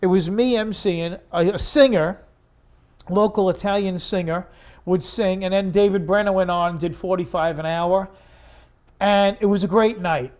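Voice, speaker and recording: A man from Long Island, a guest comedian telling an anecdote in an animated way. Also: high voice, normal speed. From Long Island, New York. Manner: animated, acts out other people's lines. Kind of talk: storytelling anecdote.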